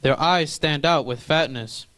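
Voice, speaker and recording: Brief: man, somewhat high voice, reads King James verses aloud, steady. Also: measured pace. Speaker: scripture reader. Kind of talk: reading Bible verses aloud.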